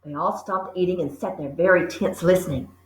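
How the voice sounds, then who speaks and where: A woman teacher reading a children's story aloud, animated and chatty with friendly asides. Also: lowish voice, brisk, reverberant, low-quality recording.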